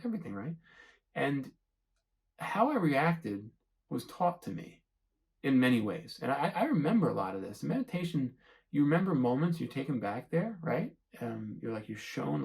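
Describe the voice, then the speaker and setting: A man with a rough, gravelly edge to his voice talks through a self-help reflection at a middle pitch. He rambles and searches for words, often tossing in a questioning "right?" to the listener. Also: darkish tone, poor audio. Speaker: self-help channel host. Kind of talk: reflective monologue to camera.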